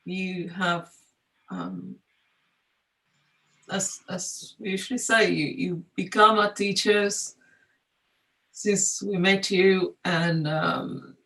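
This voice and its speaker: A host on a video call thanking a guest, speaking softly and hesitantly with many fillers. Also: medium pitch, steady tone, drawn-out words, long pauses, far from the mic, poor audio.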